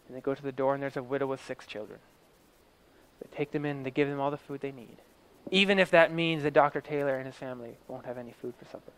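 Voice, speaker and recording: A man's voice: medium pitch, steady tone, quick pace, clear, resonant tone. A man telling a story in a vivid present-tense style, swelling and dropping his voice for drama.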